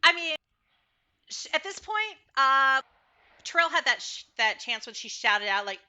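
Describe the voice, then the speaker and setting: A woman's voice: sits high, lively intonation, measured pace, bright, forceful tone, muffled recording. A woman narrating a tabletop game as game master, recapping with frequent fillers and self-corrections.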